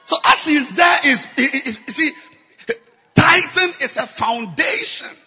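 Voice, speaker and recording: A male pastor preaching a sermon, shouting and exhorting the congregation with a husky voice. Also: very high-pitched, animated, normal speed, highs cut off. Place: church service. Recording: echoey church hall, crowd faint.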